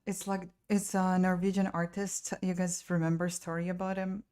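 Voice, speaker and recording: A woman with a fairly low voice talks loosely to her live-stream viewers from home. She rambles and restarts her sentences, and her exasperation keeps spilling over as she vents. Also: flat delivery, normal speed, a little mellow, smooth. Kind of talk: casual live-stream chat.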